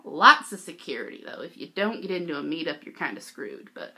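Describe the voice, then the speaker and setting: A teenage girl vlogging, telling a story casually, giggly and excitable with lots of "like". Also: sits low, a little fast, slightly rough.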